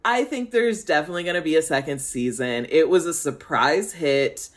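A woman's voice: low voice, moderate pace. A woman from the American Midwest, a comic and writer, chatting as a guest on a podcast and laughing often. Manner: animated, laughs often, gushing. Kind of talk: casual podcast chat.

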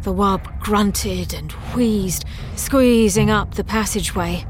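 A woman reads a science fiction story aloud. She takes her time, with unhurried, deliberate sentences. A faint background hiss sits under her voice. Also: medium pitch. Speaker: narrator. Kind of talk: storybook narration.

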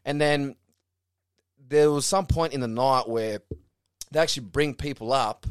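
A man's voice: mid-range voice, measured pace, smooth, no room sound, clean studio sound. A young man in casual chat, telling a wild story with lots of laughs and swearing. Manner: animated storyteller, laughs often, swears freely.

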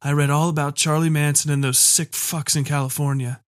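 A man voicing a drugged young woman held captive, answering in a weak, raspy voice with swearing, hostile retorts. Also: a little high, level tone, a little fast, no echo, clean studio sound, close to an everyday voice.

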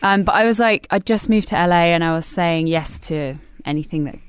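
A woman guest on a podcast, chatting casually in a relaxed, good-humored way. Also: fairly low pitch, fairly quick, clean tone, no echo. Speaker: guest musician and actress. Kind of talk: casual interview chat.

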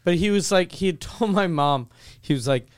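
A man co-hosting a podcast, telling a family story in casual chat, animated and swearing freely, with laughs breaking in. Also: high voice, normal speed, dry recording, studio quality. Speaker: podcast co-host.

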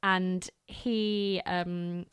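A woman's voice: lowish voice, flat delivery, very slow, clean tone, no room sound, studio quality. A woman in her thirties, co-hosting a podcast and telling stories in a chatty way with lots of fillers. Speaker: podcast co-host. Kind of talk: casual chat.

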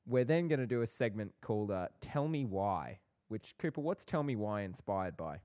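Young man, low-pitched, podcast co-host, joking and teasing. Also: animated, normal speed, mellow. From Australia. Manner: playful, bantering, lightly sarcastic. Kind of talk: casual podcast chat.

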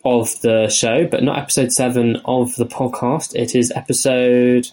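A man's voice: medium pitch, level tone, normal speed, darkish tone. A young man from the north of England with a slight northern accent, co-hosting a podcast in wry, chatty conversation. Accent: slight northern English. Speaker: podcast co-host. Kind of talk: casual chat.

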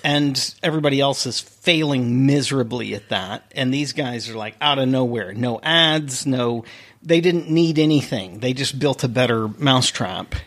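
A man's voice: medium pitch, normal speed, fairly bright tone. A man co-hosting a casual podcast into a close microphone, joking in a wry, sardonic way. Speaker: podcast co-host. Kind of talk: casual chat. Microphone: studio mic close up.

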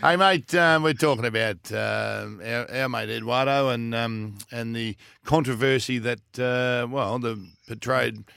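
A man's voice: medium pitch, a little slow, gravelly, few pauses, a bit bright, smooth, dry recording, clean studio sound. An Australian man co-hosting a podcast with matey, ribbing banter. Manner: matey, ribbing, laughs easily. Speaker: podcast co-host.

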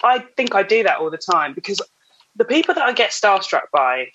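A woman, a guest actress on a casual podcast, telling stories with lively laughter. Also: medium pitch, brisk, highs cut off, slight background noise. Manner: animated storyteller, laughs often.

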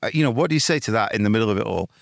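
Fast-talking man telling anecdotes. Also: on the low side, lively intonation, creaky, no room sound, clean studio sound. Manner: swearing, laughing storyteller who mimics other people. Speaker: podcast co-host. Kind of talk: casual banter telling anecdotes. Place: home studio.

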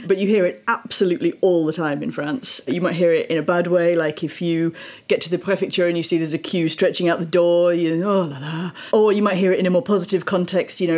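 A woman's voice: fairly low pitch, darkish tone. A woman co-hosting a news podcast, chatty and explanatory, laughing easily. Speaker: podcast co-host. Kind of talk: casual chat.

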